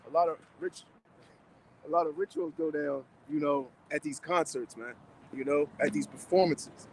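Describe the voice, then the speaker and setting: Man, high voice, gravelly, lively and swooping, excitable, faint street noise. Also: moderate pace, rough recording. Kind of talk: casual street chat.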